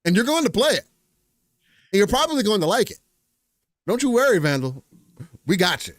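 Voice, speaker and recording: A laid-back man co-hosts a gaming podcast, joking around and reading chat messages aloud. His pitch sits a bit high and swings lively up and down. The recording is dry and close. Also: fairly quick, no room sound. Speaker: podcast co-host. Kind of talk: casual chat.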